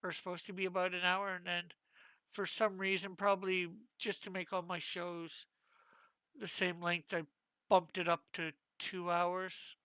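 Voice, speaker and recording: Bright, crisp streamer thinking aloud. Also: mid-range voice, little pitch movement, measured pace, no room sound. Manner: thinking aloud, asking viewers for advice. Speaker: comic artist streaming live. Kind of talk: casual live-stream chat while drawing.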